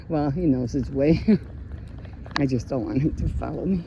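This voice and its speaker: A woman's voice: extremely low pitch, normal speed, dull audio, noisy background. A middle-aged woman vlogging in a rambling, chatty way, often restarting her sentences. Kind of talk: casual vlog chat.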